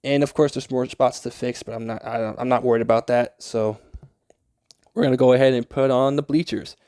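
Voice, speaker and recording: A man's voice: medium pitch, fairly even intonation, brisk, warm tone, smooth, dry recording, studio quality. A young man talking through a game tutorial in a casual, rambling way, swearing often and easily annoyed. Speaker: Minecraft tutorial creator. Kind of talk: casual gameplay tutorial voice-over.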